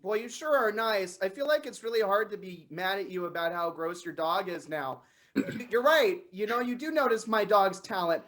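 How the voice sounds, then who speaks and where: A young woman improv performer playing an excitable dog owner at a park, animated and prone to shouting. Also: mid-range voice, normal speed, natural voice.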